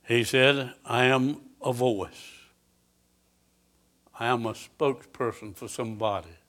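A man with a mid-range, slightly bright voice preaches a sermon, reading scripture slowly and with emphasis as his intensity rises. He also puts direct questions to the congregation.

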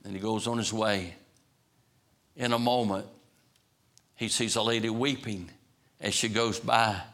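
A man's voice: fairly low pitch, fairly even intonation, measured pace, a bit bright. A man preacher retelling a story in a vivid sermon, building emphasis as he goes.

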